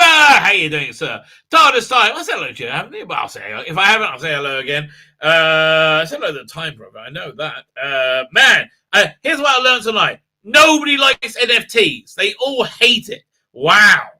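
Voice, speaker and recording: Excitable rambling man on a livestream. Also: a little high. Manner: excitable, rambling, laughs often, many fillers. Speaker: livestream host reading chat. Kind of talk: casual live chat.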